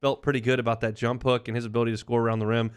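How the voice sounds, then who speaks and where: A man's voice: medium pitch, level tone, rapid-fire, clean tone. A man hosting a sports talk radio show, chatting in an opinionated, conversational way.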